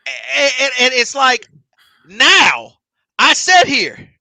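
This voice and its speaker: A man rants on a podcast, his voice unusually high and bright. His pitch swings widely as he vents with heavy swearing. The sound is close and dry. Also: slow, vocal fry, no room sound. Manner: emotional, animated ranting with heavy profanity. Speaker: podcast co-host. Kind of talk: heated casual chat.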